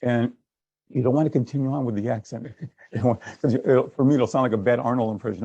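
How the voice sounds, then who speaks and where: A man's voice: mid-range voice, fast, mellow, breathy edge, dull audio. A man giving a sales training workshop, conversational, acting out little exchanges as he goes. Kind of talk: workshop talk.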